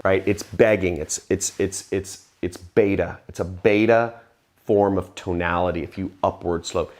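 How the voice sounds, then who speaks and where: A man hosting his own video channel, talking to camera with confident, emphatic sales advice, his phrases often dropping low and quiet at the end. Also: measured pace. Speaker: online business vlogger. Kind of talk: direct-to-camera sales tips talk.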